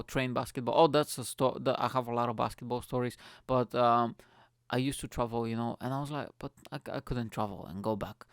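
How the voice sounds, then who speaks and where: This podcast host's voice is medium in pitch, clear and resonant, recorded close and dry with no echo. Chatty and profane, he tells comic stories casually and calls listeners "mate" often.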